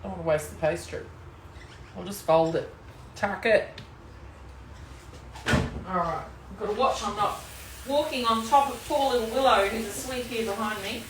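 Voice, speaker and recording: A woman's voice: mid-range voice, normal speed, long pauses, echoey room, background noise. A woman with an Australian accent chatting to viewers as she cooks live in her home kitchen. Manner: chatty, talks to viewers while working. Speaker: cooking demonstrator and team leader. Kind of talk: live cooking stream chat.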